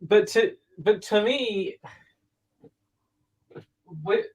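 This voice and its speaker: A man in a casual chat, asking questions with halting restarts. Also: sits high.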